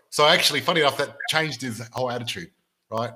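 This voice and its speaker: A man hosting a casual podcast, telling jokey stories in an animated way. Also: medium pitch, a little fast, low-quality recording. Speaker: podcast host.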